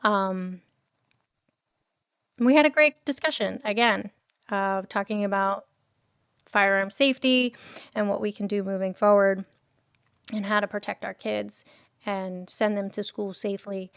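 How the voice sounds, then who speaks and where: A woman's voice: mid-range voice, fairly even intonation, unhurried, pauses often, a bit bright, clear, resonant tone, dry recording. A woman hosting a casual morning livestream from home, chatting with viewers and reading their messages aloud, laughing often. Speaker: livestream host.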